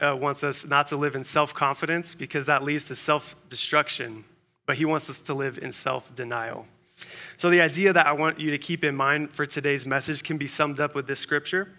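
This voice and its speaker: A young man delivering a sermon in a bright, slightly high voice. He talks in a relaxed, conversational way, with casual fillers as he moves from a story into scripture. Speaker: pastor.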